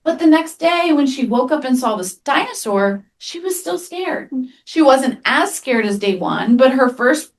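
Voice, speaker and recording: A woman therapist presenting a webinar in a conversational way. She tells lively anecdotes and often adds "right?" as she talks. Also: sits high, a little slow. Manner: animated storyteller, frequent "right?" tag questions.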